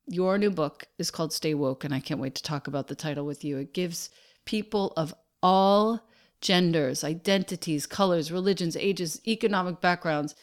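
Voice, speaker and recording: A woman hosting a podcast, reading in a soft, earnest way with breathy, near-whispered phrases. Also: on the low side, normal speed, dry recording, clean studio sound. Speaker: podcast host. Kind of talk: podcast host read and guest introduction.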